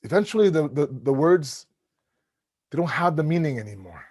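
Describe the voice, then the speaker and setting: Lively middle-aged male lecturer, dry sound. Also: fairly high pitch, husky, dry recording. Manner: lively, acts out little scenes in different voices; quick restarts and repeated words. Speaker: religious lecturer. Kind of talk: sermon-style lecture.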